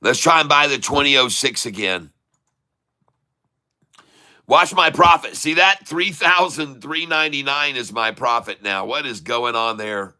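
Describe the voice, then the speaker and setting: A man streaming his live day-trading, excitable, calling out prices over and over and taunting short sellers. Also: mid-range voice, a little slow, smooth. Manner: addresses viewers as folks, taunts short sellers.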